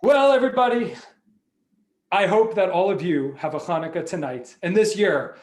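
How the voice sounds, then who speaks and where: Man, storyteller, high voice, lively, sound effects, video call, echoey room. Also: moderate pace. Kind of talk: animated storytelling for families.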